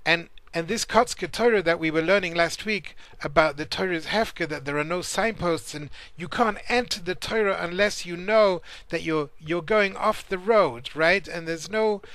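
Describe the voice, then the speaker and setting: A man's voice: high-pitched, normal speed, hardly any pauses, fairly bright tone, no room sound. A man teaching a Torah class in an earnest, searching way, often restarting his sentences as he tells stories. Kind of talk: spoken Torah class with storytelling.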